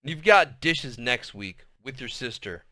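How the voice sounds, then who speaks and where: A man's voice: mid-range voice, animated, a little slow, sharp tone, dry recording. A man reading aloud, voicing a stern mother of many children who speaks in a firm, commanding way.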